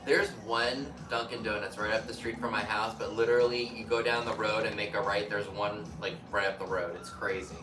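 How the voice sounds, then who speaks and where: A man co-hosting a live stream, telling stories in a relaxed, casual way. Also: lowish voice, brisk, few pauses. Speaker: co-host. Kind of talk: casual chat. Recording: echoey room, a bit far from the mic, music behind.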